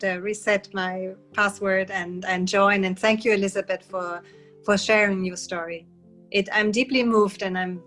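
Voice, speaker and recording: Halting woman thanking a speaker. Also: mid-range voice, a bit bright. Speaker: meeting participant. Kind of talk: casual remarks on a call.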